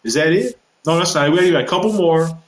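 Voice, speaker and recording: A man's voice: a little high, fast, roomy sound, poor audio. A man rambling casually through a walkthrough of his created game roster, with lots of fillers and self-corrections. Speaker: gaming video creator.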